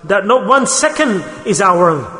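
A man's voice: sits high, big pitch swings, normal speed, pushed and bright, big-room sound. A man preaching a sermon in English, dropping Arabic and Urdu religious terms in and pressing the listeners with rhetorical questions. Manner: exhorting, with many rhetorical questions.

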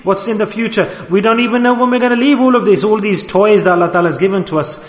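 A man preaches an emotional sermon in a somewhat high voice, firing rhetorical questions and sinking to hushed tones. His voice rings out in a large hall with a long, echoing reverb. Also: fast talker.

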